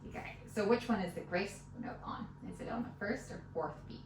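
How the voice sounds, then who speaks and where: A woman giving a one-on-one fiddle lesson, patient and encouraging, counting beats out loud. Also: medium pitch, lively intonation, a little fast, background noise. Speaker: fiddle teacher. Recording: roomy, mic at a distance, fiddle playing.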